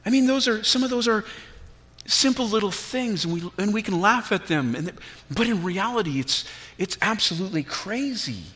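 A middle-aged male pastor preaches with a high, bright voice that climbs and dips all over the place. He acts out his own irritations with animated flair, then drops to a quiet, earnest tone. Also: moderate pace, breathy edge. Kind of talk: sermon.

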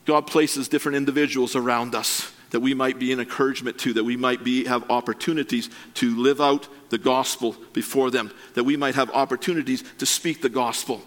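A male pastor delivering a sermon in an earnest, measured tone. His voice sits in an ordinary middle pitch. Now and then he drops into a wry, self-deprecating aside before returning to the message. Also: fairly even intonation.

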